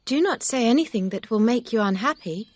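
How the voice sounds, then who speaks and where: A woman's voice: a little high, moderate pace, dry recording, voice pushed up, close to an everyday voice. A woman voicing an earnest, upset young woman in an audiobook reading, talking in a pleading, emphatic way.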